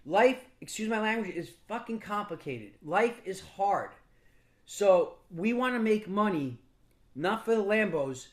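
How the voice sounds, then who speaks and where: High-voiced blunt male mentor. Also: expressive, a little slow. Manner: casual, blunt, with mild profanity; frequent restarts and repeated words. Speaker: business mentor speaking to a mastermind group. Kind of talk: motivational storytelling talk.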